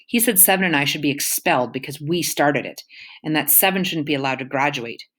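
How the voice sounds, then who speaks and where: A woman reading a first-person novel aloud in an expressive, emotional way. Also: sits low, a little fast. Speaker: audiobook reader.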